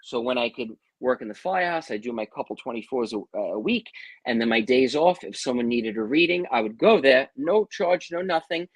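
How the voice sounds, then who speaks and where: A middle-aged man talks at an ordinary pitch and tells his stories in a loose, chatty way. He sounds animated and drops in "bro" and "man". The recording is dry and close, with no room sound. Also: brisk, breathy edge, no room sound, poor audio. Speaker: interview guest, psychic medium. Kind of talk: casual storytelling.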